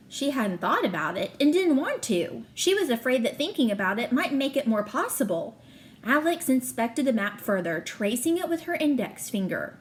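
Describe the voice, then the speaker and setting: Woman teacher reading chapter-book aloud, steady and expressive, slightly high voice. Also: moderate pace.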